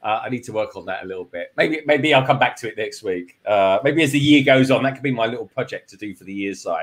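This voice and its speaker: A man's voice: medium pitch, expressive, fast talker. A man on a live stream panel, chatting and telling jokey stories, laughing often. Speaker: regular panelist. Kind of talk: casual chat.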